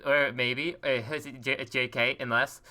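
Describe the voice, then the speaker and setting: A man with a medium-pitched voice and fairly even intonation takes his time recapping a tabletop role-playing session, a crowd audible behind him. He's the player retelling the story, rambling, joking and laughing often.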